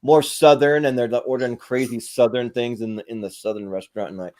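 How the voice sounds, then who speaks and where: A man's voice: medium pitch, steady tone, fast, a little mellow. A man co-hosting a casual panel chat, rambling and laughing as he retells comedy sketches. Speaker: podcast co-host.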